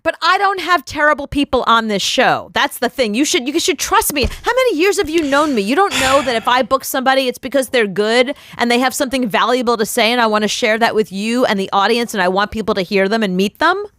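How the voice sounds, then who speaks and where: A woman's voice: a little high, expressive, quick pace, hardly any pauses, a bit bright, no room sound, studio quality. A woman co-hosting a radio show, teasing and scolding her partner with self-assured confidence. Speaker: radio co-host and booker. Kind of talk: casual radio banter.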